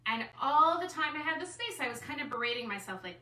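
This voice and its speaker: Chatty bright-voiced woman in an echoey room. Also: high voice, fast, few pauses. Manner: chatty, animated storytelling full of "like" and self-quotes. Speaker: artist and designer speaking at a gathering. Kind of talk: personal story told to a group. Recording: echoey room, mic far off, faint room noise.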